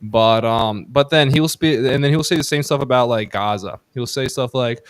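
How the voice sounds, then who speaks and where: A man's voice: medium pitch, moderate pace, few pauses, no room sound. A man hosting a casual political podcast, heated and profane, rambling with restarts on a close mic. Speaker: podcast host.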